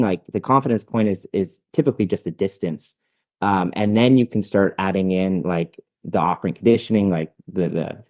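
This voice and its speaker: Guy guesting on a dog podcast, low mellow voice, rambles and tells stories. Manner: rambling, storytelling, filler-heavy. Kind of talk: casual podcast conversation.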